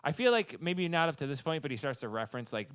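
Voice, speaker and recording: A man co-hosting a podcast in loose, rambling chat, stopping and restarting his thoughts often. His voice is smooth and clear. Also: fairly high pitch, sing-song, fairly bright tone. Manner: rambling, halting with many restarts. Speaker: podcast co-host. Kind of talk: casual chat.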